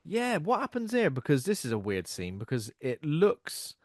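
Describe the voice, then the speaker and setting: A man's voice: a little high, huge pitch swings, normal speed, dry recording, studio quality. A man co-hosting a casual film review podcast, summarizing the plot and laughing easily. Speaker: podcast co-host.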